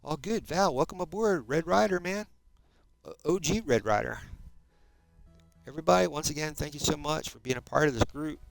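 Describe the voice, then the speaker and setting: A man's voice: on the high side, moderate pace, vocal fry, soft background music. A man in his fifties from South Jersey, with a South Jersey accent, chatting casually to viewers while playing a game, often adding dude and man. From South Jersey, USA. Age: 50s. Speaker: Minecraft streamer. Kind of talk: casual live-stream gameplay chat.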